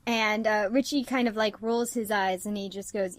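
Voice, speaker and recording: A woman's voice: medium pitch, fairly even intonation, moderate pace, hardly any pauses. A woman narrating as game master of a tabletop game, rambling with many fillers. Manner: rambling, lots of um and like.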